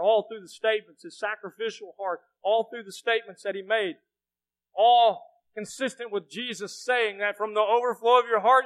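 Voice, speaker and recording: Male pastor, bright and forceful tone; preaches with big swings from quiet to shouting, questions the congregation. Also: high voice, poor audio. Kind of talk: sermon.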